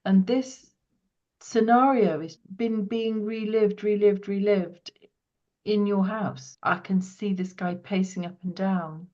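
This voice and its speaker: A woman hosting a podcast, talking a client through an intuitive reading in a soft, earnest way that drops to a hush as she relays what she senses. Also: medium pitch, fairly even intonation, slow pace, highs cut off. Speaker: podcast host and property healer.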